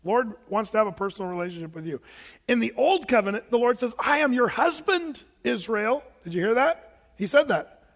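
A man preaching a sermon in a church, telling stories with animated delivery and laughing with the congregation. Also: sits high, a little fast, big-room sound. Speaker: pastor. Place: church sanctuary.

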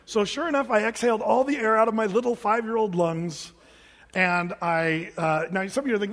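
A man's voice: sits high, animated, fast, a bit bright. A man in his forties, a pastor telling stories in a joking, conversational, self-mocking sermon. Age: 40s. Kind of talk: humorous storytelling sermon. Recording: echoey hall reverb.

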